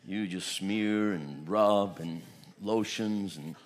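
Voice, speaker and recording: A man with a fairly low voice preaches slowly in a charismatic style. He repeats phrases, chuckles often, and breaks out into tongues.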